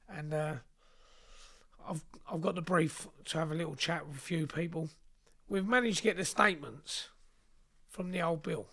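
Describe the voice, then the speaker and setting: A man's voice: fairly high pitch, a bit bright. A man, a guest on an interview show, telling a story in a blunt, sweary, rambling way.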